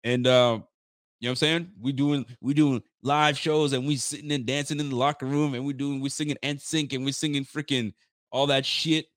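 A man's voice: mid-range voice, fairly even intonation, brisk, a bit bright, no room sound, clean studio sound. A young man hosting a live fan podcast, venting bluntly and swearing freely as he reads out viewer comments. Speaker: podcast host.

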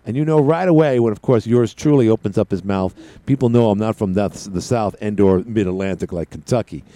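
A man's voice: lowish voice, brisk, warm tone, no echo. A man hosting a call-in talk radio show, rambling casually with frequent restarts. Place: radio studio.

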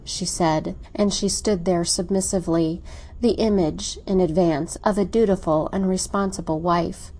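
A woman reading a classic novel aloud in measured, even scripted narration. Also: lowish voice. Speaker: audiobook reader.

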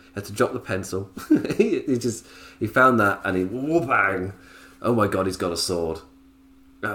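A man's voice: medium pitch, fairly bright tone. A young man reviewing a wrestling show alone in a rambling, giggly, self-mocking way. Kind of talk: casual solo commentary.

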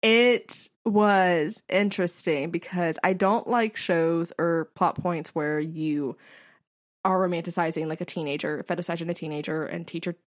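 A young woman co-hosting a podcast, chatting casually and animatedly, full of fillers and excited asides. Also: on the low side, measured pace. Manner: gushing, animated storytelling with many fillers. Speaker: podcast co-host. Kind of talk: casual chat.

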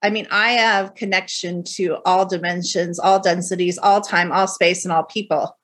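A woman hosting a casual chat who talks in quick bursts and trails off partway through thoughts. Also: on the low side, steady tone, a bit bright.

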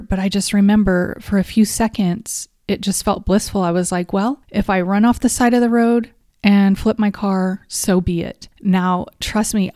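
A woman's voice: medium pitch, warm tone, dry recording, clean studio sound. A woman hosting a podcast, telling a personal story in a heartfelt, confessional way, at times openly emotional. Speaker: podcast host.

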